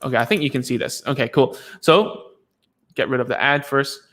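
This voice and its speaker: A man's voice: mid-range voice, brisk, fairly bright tone. Guy speech therapist chatting thru a live lesson, laughs at himself, lots of um and like. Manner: chatty, self-deprecating, many fillers and restarts. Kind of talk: casual live teaching Q&A.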